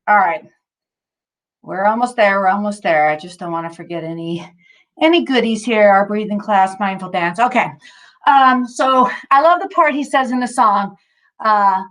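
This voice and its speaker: With a fairly high, fairly bright voice and a slow pace, a woman instructs a mindfulness session. She keeps things casual, chatty and upbeat, piling on fillers and restarts and now and then running out of breath.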